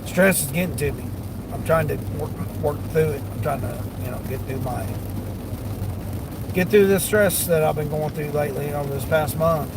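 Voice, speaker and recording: A man's voice: on the high side, moderate pace, noisy background. Folksy man chatting live from his car. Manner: folksy, rambling, chuckles often. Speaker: delivery driver livestreaming to chat. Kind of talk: casual live-stream chat. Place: inside his vehicle.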